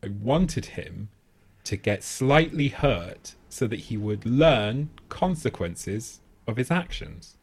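Sweary man in his thirties, lively. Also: lowish voice, takes it slowly, breathy edge. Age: 30s. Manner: rambling, sweary, self-mocking, laughs a lot. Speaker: podcast co-host. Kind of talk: casual comedic storytelling.

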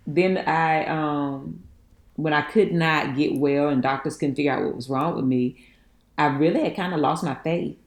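A woman, telling her life story in an interview, folksy and animated, laughing often. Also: deep voice, normal speed. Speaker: guest. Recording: echoey room.

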